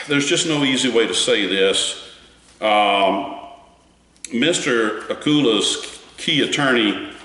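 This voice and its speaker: A man with a Southern US accent giving a folksy, animated spoken recap of a court trial. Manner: animated, folksy storytelling with wide pitch swings. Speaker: courtroom commentator. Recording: echoey room with long reverb.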